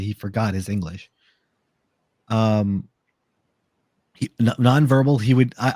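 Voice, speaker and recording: A man's voice: on the low side, a little mellow, no room sound. A man in casual podcast chat, slightly tipsy, rambling with many restarts and repeated words.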